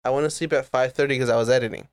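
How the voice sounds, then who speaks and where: A man's voice: medium pitch, steady tone, rapid-fire, smooth, no room sound. A young man swearing freely and telling loose stories in a casual chat with a friend. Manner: loose storytelling, heavy swearing.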